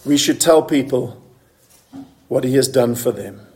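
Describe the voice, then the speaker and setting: A male preacher delivering a sermon, asking the listeners questions and reading scripture slowly and earnestly. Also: medium pitch, a little mellow.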